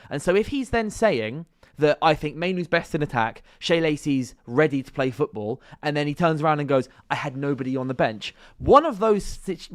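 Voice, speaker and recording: A man hosting a football talk show, emphatic and repeating his points. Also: on the high side. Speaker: show host. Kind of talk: sports talk show discussion.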